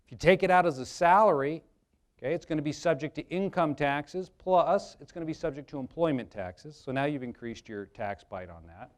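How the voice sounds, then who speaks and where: A man's voice: a little high, lively intonation, brisk. A man presenting a live workshop, talking conversationally to the audience and telling jokey anecdotes about insurance. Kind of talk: live seminar talk with anecdotes.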